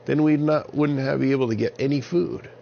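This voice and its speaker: A man's voice: medium pitch, steady tone, a little fast, creaky, pitched above the performer's own voice, close to an everyday voice. A man voicing a nice but firm elf who warns intruders in a slightly raised voice. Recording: slightly dull lo-fi sound with faint hiss.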